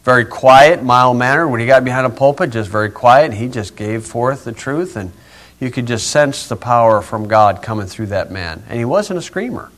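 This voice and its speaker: A man's voice: mid-range voice, lively intonation, normal speed, a bit bright. A male pastor giving an informal, folksy Bible lesson, chuckling and wandering into asides.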